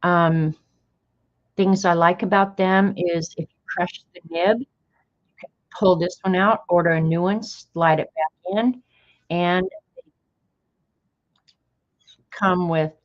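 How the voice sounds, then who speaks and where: A woman's voice: fairly low pitch, slow, pauses often. A middle-aged woman hosting an art livestream, chatting casually and talking to herself as she draws. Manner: chatty, talks to herself while working. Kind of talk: casual chat while drawing. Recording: dull lo-fi stream audio.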